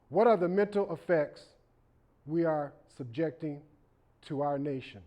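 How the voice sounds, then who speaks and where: Slow, high-voiced man pleading dramatically. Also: dull audio. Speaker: segment host. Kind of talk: mock appeal monologue.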